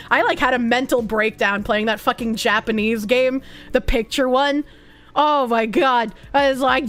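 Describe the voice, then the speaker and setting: High-voiced woman with a Boston accent. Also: soft background music. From United States. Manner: playful and profane, quick asides and laughs. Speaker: streamer. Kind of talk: casual chat reading viewer messages.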